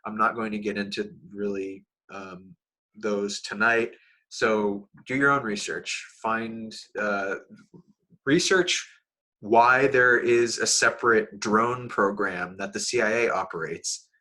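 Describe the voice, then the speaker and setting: A man's voice: lowish voice, fairly even intonation, slow, bright, forceful tone. A young man hosting a casual podcast chat, rambling with many fillers and restarts. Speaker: podcast host.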